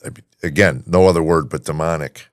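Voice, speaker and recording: A man hosting a podcast in casual chat, halting, with many fillers and restarts. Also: very deep voice, fairly even intonation, no room sound, clean studio sound. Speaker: podcast host.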